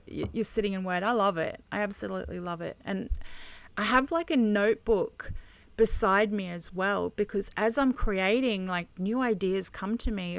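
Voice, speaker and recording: A woman teaching a devotional Bible lesson on camera while she colors, earnest and halting, with many restarts. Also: medium pitch, no room sound. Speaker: conference speaker teaching Bible journaling.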